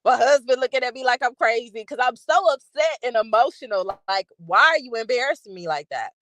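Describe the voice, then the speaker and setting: Brisk and on the high side, this woman hosts a channel and chats animatedly with her live chat, addressing viewers head-on in casual commentary. There's no echo; the sound is dry and close-miked.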